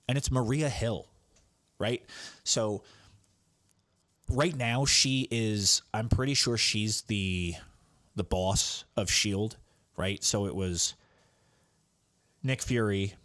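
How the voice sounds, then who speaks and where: A man's voice: lowish voice, a bit bright, no room sound. A man hosting a comics podcast, recapping issues in a rambling, casual way. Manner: rambling, with restarts and fillers.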